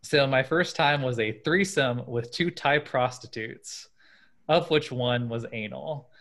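Male podcast host, mid-pitch, relaxed chatty delivery, reads stories aloud. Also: a little slow. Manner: casual, filler-heavy, laughs often. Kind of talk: casual chat, reading stories aloud.

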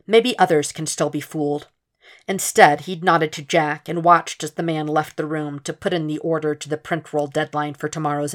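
Woman reading a fanfic audiobook, low voice, steady and measured. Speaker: podfic reader. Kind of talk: fan fiction audiobook narration.

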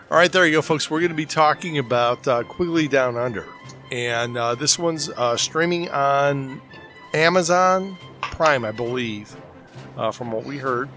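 A man's voice: mid-range voice, a little slow, sharp tone. This is a man hosting a casual movie podcast, easygoing and rambling as he chats with friends. His voice sits in a middle range and he laughs easily. Faint music hums underneath. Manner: laid-back, rambling, chuckles often. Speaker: podcast host.

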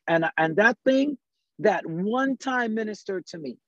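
A man with a fairly high speaking voice tells church stories, lively and quick, and often quotes his own thoughts. The sound is dry and a bit dull, with no room around it. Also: no echo. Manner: lively, talks fast, quotes himself in asides. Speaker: worship leader. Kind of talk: conversational storytelling. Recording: slightly dull, dry recording.

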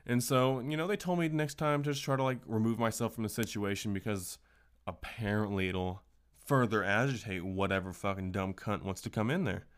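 Low-voiced man ranting with constant cursing. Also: brisk, smooth. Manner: profane, ranting storyteller. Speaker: podcast host. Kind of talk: casual solo podcast rant.

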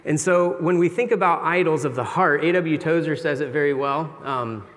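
A man's voice: a little high, moderate pace, a bit bright. A middle-aged man preaching a sermon in an earnest, confessional, conversational way. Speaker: pastor. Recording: long reverb of a large hall.

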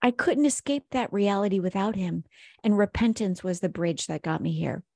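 A woman's voice: medium pitch, normal speed, gravelly, a little mellow, no echo. A woman coaching on a faith-based weight loss podcast, speaking earnestly and emphatically, piling up repeated exhortations. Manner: earnest, emphatic, preachy repetition. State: emotional.

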